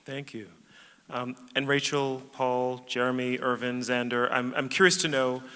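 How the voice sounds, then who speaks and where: A man moderates a film Q&A, putting polite, measured questions to the panel. His tone is bright and forceful. His voice rings with long reverb through the theater. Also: medium pitch, level tone, clear, resonant tone.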